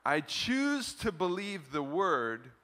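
Man, middle-aged pastor, bright, slightly high voice, lively preaching to a congregation. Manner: animated preaching, chuckles often, voice jumps up for emphasis; chants a scripture refrain slowly, leading the congregation. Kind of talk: sermon. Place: church service in front of a congregation.

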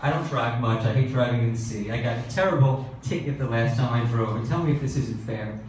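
A middle-aged man doing open-mic stand-up comedy with a deadpan, exasperated observational delivery. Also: medium pitch, fast talker, a little hiss or hum. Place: comedy club stage. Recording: echoey club recording from a distance. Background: audience laughter.

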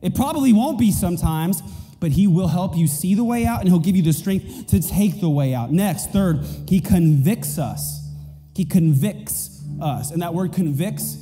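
A man's voice: sits high, animated, normal speed, warm tone, long reverb tail, soft background music. A man preaching a sermon as pastor, emphatic and repeating his key points. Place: church auditorium.

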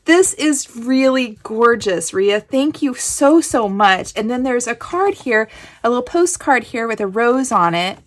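Unpacking a gift package for her crafting vlog, a Kansas woman gushes with effusive thanks and breathy exclamations. Her voice runs on the high side with lively intonation, and she keeps a measured pace in this casual show-and-tell.

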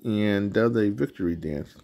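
A man's voice: on the low side, a little slow, darkish tone. A man hosting his channel, reading a picture book aloud with roaring sound effects. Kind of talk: storybook read-aloud.

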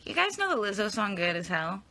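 A woman's voice: mid-range voice, very animated, fairly quick, sharp tone. A young woman chatting casually on a phone livestream, tired but upbeat, answering viewer comments. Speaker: actress on a livestream.

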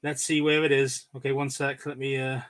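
A man's voice: mid-range voice, level tone, a little fast, fairly bright tone. A man, co-hosting a casual sports podcast in a chatty, matey way that keeps interrupting itself. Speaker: podcast co-host. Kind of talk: casual chat.

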